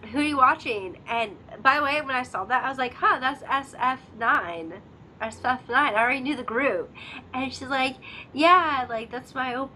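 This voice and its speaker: A woman's voice: sits high, bright, forceful tone, a little hiss or hum. A young woman co-hosting a casual drama discussion, chatty and giggly, acting out scenes in quoted voices. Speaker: co-host of a drama discussion channel. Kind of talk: casual chat.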